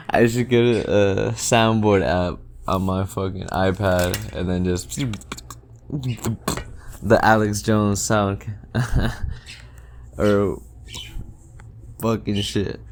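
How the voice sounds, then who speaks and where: This podcast host talks alone at home by a window in a fairly low voice, with a slight hiss or hum on the recording. He rambles in a relaxed way, cursing freely and laughing often.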